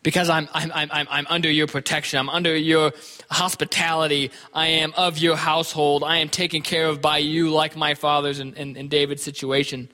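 A man's voice: a little high, level tone, fairly quick, bright, forceful tone. A man preaching a sermon in an earnest, thinking-aloud way, often repeating words as he goes. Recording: long hall reverb.

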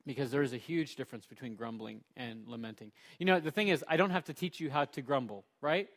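A male pastor preaches an emphatic sermon, alternating loud, punchy lines with quiet, low ones and slowing down to stress key words.

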